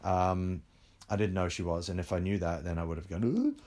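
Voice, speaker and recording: A man's voice: low voice, moderate pace, darkish tone. A man speaking as a film director in an interview, telling candid stories with frequent fillers. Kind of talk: conversational interview.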